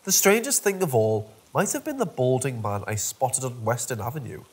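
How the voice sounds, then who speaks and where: A man's voice: medium pitch, animated, normal speed, slightly rough. A man narrating a first-person horror story from a script, in a dry, wry storytelling manner.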